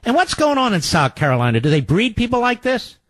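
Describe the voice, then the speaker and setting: An older man hosting a radio talk show, delivering a sarcastic political monologue with mocking, theatrical swings between loud jabs and low mutters. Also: huge pitch swings, brisk, dry recording.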